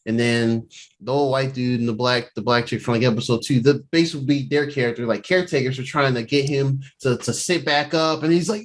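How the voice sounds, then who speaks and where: A man's voice: mid-range voice, steady tone, moderate pace. A man co-hosting a podcast, casually recapping a TV episode and acting out the characters' lines as he goes. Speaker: podcast co-host.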